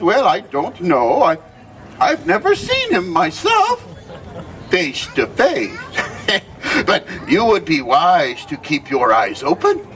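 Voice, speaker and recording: Playing a jolly old Christmas gift-bringer, a costumed storyteller tells holiday stories to a live crowd with theatrical exclamations and frequent chuckles. His high, fairly bright voice is heavily acted, recorded far from the mic with a little hiss or hum.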